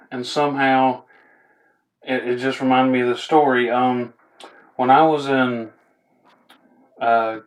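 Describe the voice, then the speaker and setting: A young man, telling funny stories in a rambling, laid-back way with chuckling asides. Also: medium pitch. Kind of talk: casual storytelling.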